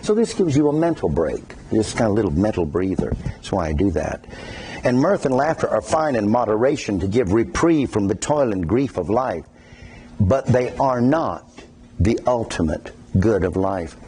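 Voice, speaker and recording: A man preaching a sermon as a pastor, talking in a conversational, animated way and often breaking into laughter. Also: fairly low pitch, normal speed, a little hiss or hum.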